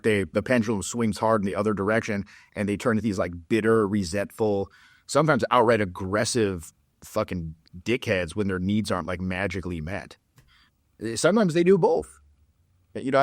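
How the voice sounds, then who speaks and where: Blunt, profane man with a low voice. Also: no room sound, studio quality. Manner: blunt, profane, animated storytelling with laughs; mocking put-on voices when quoting others. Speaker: dating coach. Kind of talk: casual monologue to camera.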